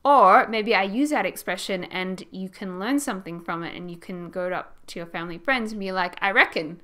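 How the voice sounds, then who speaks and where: A woman's voice: mid-range voice, brisk, fairly bright tone. A young Australian woman chatting casually as she narrates a house build for her channel, rambling and laughing as she goes. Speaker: gaming YouTuber.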